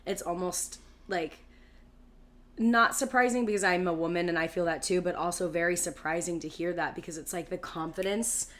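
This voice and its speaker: A woman's voice: lowish voice, moderate pace, fairly bright tone. A woman in her thirties co-hosting a podcast, asking questions and affirming her friend. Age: 30s. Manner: supportive, affirming. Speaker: podcast co-host. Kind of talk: casual chat, asking questions.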